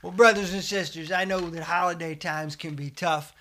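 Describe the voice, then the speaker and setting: Bright-voiced man preaching folksy comedy. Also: on the high side, fairly even intonation, moderate pace. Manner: folksy preacher cadence, fillers and restarts. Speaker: comedic host of a satirical show. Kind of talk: deadpan satirical preacher monologue.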